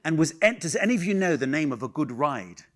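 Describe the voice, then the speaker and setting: A man's voice: on the high side, very animated, fast talker, a bit bright. A man from England leading an improv workshop for a live audience, teasing and bantering with volunteers in a playful manner. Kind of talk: lively workshop talk. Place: conference hall with a live audience.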